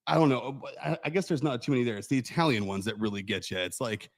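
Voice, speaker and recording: Man chatting casually, mid-pitched voice. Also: fast. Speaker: co-host. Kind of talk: casual livestream chat.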